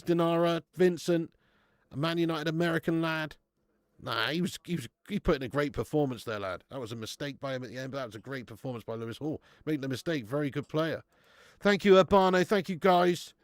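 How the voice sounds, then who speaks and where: A man's voice: a little high, no echo, studio quality. A man hosting a live football watch-along from home. He chats casually, swears freely and calls out viewers by name. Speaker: live stream host.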